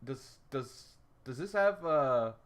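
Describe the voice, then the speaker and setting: A man's voice: mid-range voice, lively intonation, takes it slowly. A man chatting casually while livestreaming a game, often stammering and repeating words as he searches for them. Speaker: streamer.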